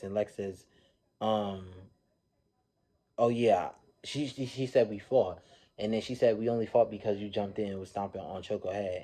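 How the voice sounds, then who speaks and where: A man casually recapping a reality show episode, telling it in an animated, slangy way and acting out the people he quotes. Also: fairly low pitch.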